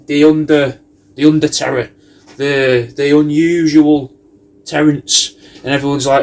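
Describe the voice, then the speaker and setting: Brief: male comic, pitched a little high, rambling and sweary, spinning absurd tangents. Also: flat delivery, unhurried, darkish tone. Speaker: comedian recording a personalised video message.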